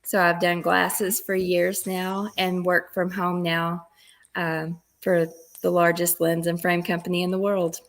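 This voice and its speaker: A woman's voice: fairly low pitch, little pitch movement, unhurried. A woman with a Kentucky accent, a guest chatting openly and laughing easily in an interview. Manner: open, laughs often. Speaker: guest, former wrestler. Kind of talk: casual interview chat.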